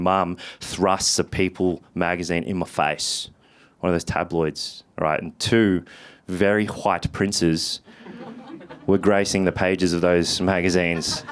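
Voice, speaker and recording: A man, performing a stand-up comedy routine with profane, animated storytelling and shouted punchlines. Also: low voice, moderate pace, clear, resonant tone. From Australia. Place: theatre stage with a live audience.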